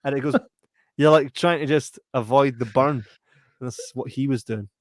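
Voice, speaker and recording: A man's voice: medium pitch, a little slow, no room sound, clean studio sound. A Scottish man co-hosting a podcast, chatting casually about a film, laughing and acting out scenes with squeals and sound effects. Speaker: podcast co-host.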